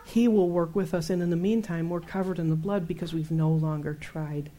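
Middle-aged woman, warm low voice, chatty faith teacher who laughs and acts out stories. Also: brisk. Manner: animated, laughs often, acts out her own outbursts. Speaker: Christian teacher. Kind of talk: conversational Bible teaching.

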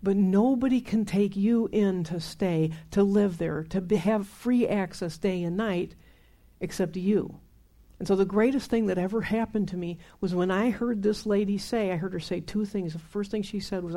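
A woman's voice: mid-range voice, moderate pace, mellow. A woman in her seventies preaching a sermon in a conversational, emphatic way, repeating phrases for stress.

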